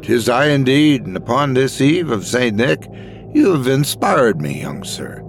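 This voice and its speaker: A man voicing a sly, eccentric older gentleman with a Scottish accent, who talks in a theatrical, old-fashioned way. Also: mid-range voice, sing-song, unhurried, creaky, soft background music. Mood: grand.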